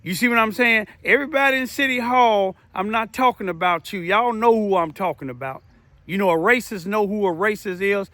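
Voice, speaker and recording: An older man holds forth on a livestream in a high, forceful voice. He rants with indignant, sermon-like repetition, constantly checking that his listeners see what he means. His tone stays bright and edged throughout. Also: fairly quick, dry recording. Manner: indignant, repetitive, preaching, keeps asking "you see what I'm saying". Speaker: livestream host. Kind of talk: angry livestream rant.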